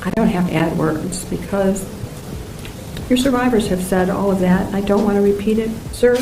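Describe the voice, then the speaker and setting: Gravelly woman judge pronouncing a sentence. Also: medium pitch, noisy background. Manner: firm, deliberate pronouncement. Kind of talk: courtroom sentencing. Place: courtroom. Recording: echoey courtroom audio, far from mic. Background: music.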